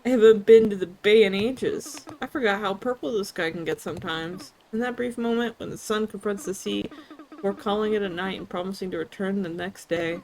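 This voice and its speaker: A woman's voice: medium pitch, a little fast, darkish tone, natural voice, rough recording. A woman voicing a kindly, wistful old grandmother in a cozy video game, reading her dialogue aloud with a folksy, reminiscing manner.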